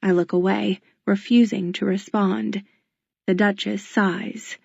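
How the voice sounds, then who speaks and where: A woman narrating a first-person audiobook in a subdued, measured reading. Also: medium pitch, little pitch movement, creaky, darkish tone, husky, no room sound. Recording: dull lo-fi dry recording.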